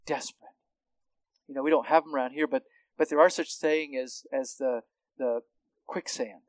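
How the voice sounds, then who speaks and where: A man preaching a sermon, moving from low, quiet explanation to loud, impassioned calls. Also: fairly even intonation, normal speed, no room sound, poor audio. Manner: swings from quiet to loud, impassioned when calling out. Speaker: pastor.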